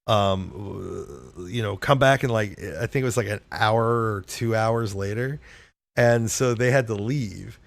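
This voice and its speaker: A man's voice: lowish voice, vocal fry. A man telling a story casually, stumbling and restarting as he talks. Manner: halting, stumbles over words.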